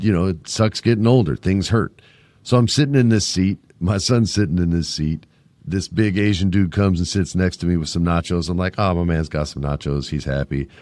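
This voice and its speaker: A man in his forties tells a story on his podcast in a casual, animated way, with jokes and crude asides. His voice sits low. The recording is dry and close, with no room sound. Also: no echo. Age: 40s. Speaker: podcast host.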